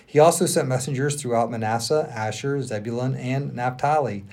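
Mellow-voiced man reading scripture. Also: medium pitch, normal speed. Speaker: podcast co-host reading scripture.

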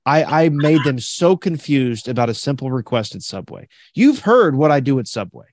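This podcast host has a medium-pitched, slightly mellow voice that swings widely in pitch at a moderate pace. He chats casually, animatedly recounting stories and performing others' lines. The studio sound is clean, with no room sound.

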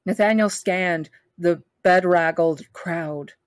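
A woman reading a novel aloud for a book club, steady and now and then correcting herself. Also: lowish voice, slow, dry recording.

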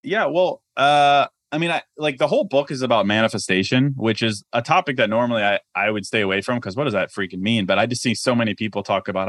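Low-pitched male author as interview guest; thoughtful, practical, conversational, dry studio sound. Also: quick pace, a bit bright, no room sound. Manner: reflective, practical, peppers speech with "like" and "I mean". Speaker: author and podcast host, guest.

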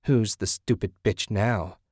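A man voicing a frightened young wife who shouts defiantly at her captor in an audiobook. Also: on the low side, measured pace, breathy edge, no room sound, clean studio sound. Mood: grim. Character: terrified young wife fighting back.

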